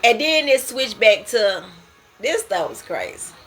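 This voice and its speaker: Slow, bright-voiced woman telling her dream. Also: fairly high pitch, soft background music. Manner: animated, laughing often, addressing viewers as y'all. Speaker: spiritual dream interpreter. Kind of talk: casual dream-sharing monologue.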